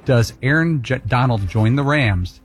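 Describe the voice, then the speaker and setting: A man co-hosting a sports talk show in casual chat, trading wry deadpan jokes. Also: mid-range voice, measured pace, faint music behind. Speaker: co-host.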